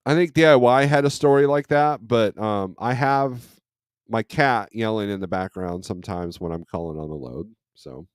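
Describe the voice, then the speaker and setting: Speaking at a moderate pace in a smooth, lowish voice, this man chats casually on his morning livestream, wandering between topics and reading out viewers' comments. He's a trucker, but he's at home, not in his truck, and the audio is clean studio quality with no room sound.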